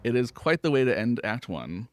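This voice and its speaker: A man's voice: mid-range voice, moderate pace, loud music behind the voice. A man hosting a podcast, chatting casually and animatedly, sometimes acting out lines. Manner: animated, acts out characters' lines. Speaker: podcast host. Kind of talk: casual chat about a cast album.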